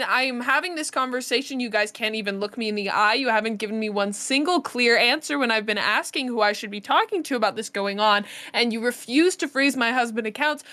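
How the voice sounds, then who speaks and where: Woman doing furious widow, bright voice, ranting, theatrical. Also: sits high, voice pushed up. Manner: theatrical complaining rant. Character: indignant grieving widow customer, woman.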